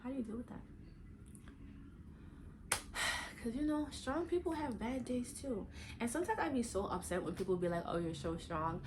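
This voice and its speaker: A woman's voice: normal speed, pauses often, background noise. Candid, slangy young woman vlogger. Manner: candid, animated, slangy, with bursts of high-pitched emphasis. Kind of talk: casual chat while getting ready.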